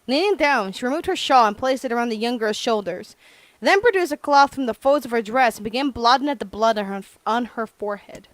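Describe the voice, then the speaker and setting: A woman's voice: fairly high pitch, lively intonation, brisk, no echo. A woman streamer reading a game's story text aloud and reacting with laughs and comments.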